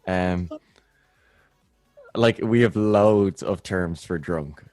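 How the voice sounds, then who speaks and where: Host: young Irishman, deep voice, relaxed and halting, dry close sound. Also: no echo, soft background music. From Ireland. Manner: easygoing, hesitant restarts. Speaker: podcast host. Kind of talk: casual chat.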